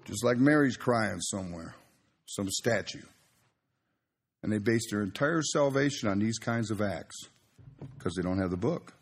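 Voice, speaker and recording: Man, pastor, sermon, husky, folksy and conversational. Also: on the low side, animated, normal speed, pauses often.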